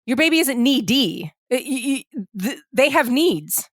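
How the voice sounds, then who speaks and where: A woman's voice: high-pitched, big pitch swings, unhurried, no room sound, clean studio sound. A woman co-hosting a podcast, explaining things earnestly and emphatically in casual chat. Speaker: podcast co-host.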